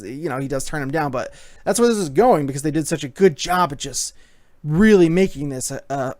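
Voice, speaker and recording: A man giving a casual movie review, excited and rambling, with lots of fillers. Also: on the high side, no echo, clean studio sound.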